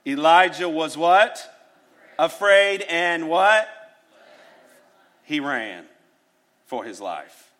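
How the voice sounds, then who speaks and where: A man preaching a sermon, acting out prayers and Bible scenes in an animated way. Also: on the high side. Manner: animated, dramatizes prayers with rising voice. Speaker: pastor.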